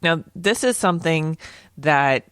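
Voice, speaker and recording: A woman podcast host in a relaxed casual monologue who sometimes stretches her words out slowly. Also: low-pitched, no room sound, studio quality.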